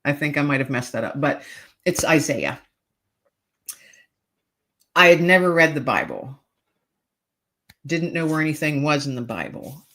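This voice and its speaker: A woman's voice: sits low, animated, a little slow, long pauses, fairly bright tone. A middle-aged woman, a podcast guest, telling a personal story earnestly and emotionally, with hesitant restarts.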